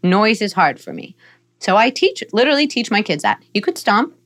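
A woman speaking as a podcast guest, calm and explanatory. She gives parenting advice at an ordinary pitch and now and then slips into soft lines spoken as if to a child. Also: normal speed. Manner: calm, explanatory, acts out gentle phrases to a child. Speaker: psychologist guest.

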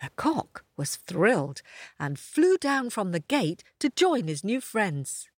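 Animated woman storyteller for kids, very expressive pitch, dry close sound. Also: slow, no echo. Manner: animated, inviting the children to join in. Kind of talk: children's storytelling.

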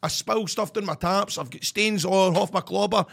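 A man's voice: high voice, moderate pace, creaky, fairly bright tone. A Scottish man co-hosting a podcast, cheeky and rowdy in casual, sweary banter. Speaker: podcast co-host.

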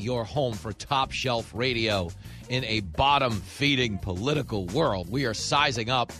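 A man hosting a call-in radio show, teasing his callers in a jokey, quick way. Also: mid-range voice, a bit bright, faint music behind. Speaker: radio talk show host. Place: radio studio.

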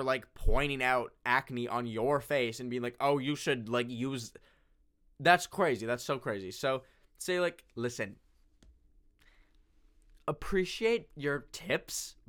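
A man's voice: mid-range voice, a little slow. A young man hosting a casual solo podcast from his bedroom, rambling and swearing with lots of fillers. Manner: rambling, profane, filler-heavy, animated. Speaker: podcast host. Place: home bedroom, sitting on carpet.

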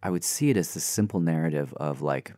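A man's voice: rumbling low, fairly quick, dark tone, no echo, clean studio sound. A man from Nashville talking as an interview guest, earnest and musing, with lots of fillers. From Nashville, Tennessee, US. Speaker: interview guest, series creator. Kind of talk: reflective conversational interview.

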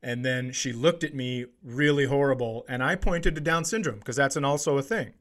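A man co-hosting a comedy podcast, telling a story in blunt, profane, deadpan chat. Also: medium pitch, normal speed.

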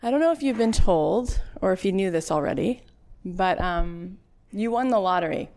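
A woman in her thirties, a podcast host giving a chatty motivational talk, telling stories with lively acted-out quotes. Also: mid-range voice, moderate pace. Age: 30s.

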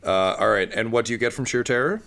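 Bright, smooth-voiced game master. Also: male voice, medium pitch. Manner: halting, full of fillers. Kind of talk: narrating a tabletop game.

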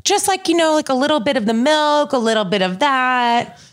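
A woman's voice: high-pitched, animated, normal speed, voice pushed up. A woman voicing her own mother, a vague middle-aged mom who rambles through loose cooking tips. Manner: breezy, rambling, full of fillers.

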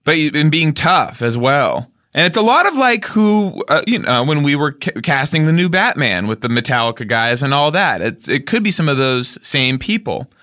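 A man's voice: on the high side, sing-song, moderate pace, hardly any pauses, bright, forceful tone. A man in a casual comedic chat, eagerly reminiscing and retelling scenes.

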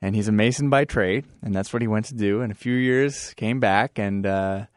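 Male business-owner guest, lowish voice, loose and chatty, dry close mic. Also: normal speed, dry recording. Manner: chatty, rambling, many fillers and laughs. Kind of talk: casual radio interview. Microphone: studio microphone.

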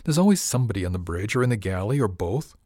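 Male reader doing a prim, formal woman cook, gentle and earnest, dry close sound. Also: fairly low pitch, very animated, fast talker, no room sound. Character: polite, earnest female ship's cook, proper and gentle.

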